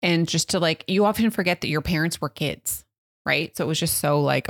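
A woman in her thirties co-hosting a casual podcast with her partner, chatty, quick to laugh and swear. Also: deep voice. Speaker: podcast co-host. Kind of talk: casual couple chat.

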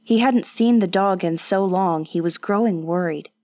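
A woman narrating a novel as an audiobook, in a measured, even storytelling manner. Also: on the low side, dry recording, clean studio sound. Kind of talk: scripted narration.

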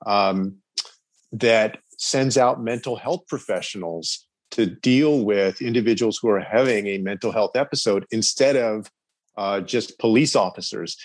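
A man in his forties from Texas, a podcast guest talking in an earnest, measured way and laughing easily. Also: on the low side, no room sound. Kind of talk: casual chat.

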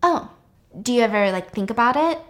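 A woman's voice: fairly high pitch, animated, fairly quick, lightly acted. A woman doing a cutting, vengeful young woman. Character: cool, bitter young woman bent on revenge.

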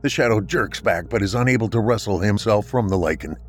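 A man narrating a scripted story in a dramatic, expressive reading. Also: on the low side, brisk.

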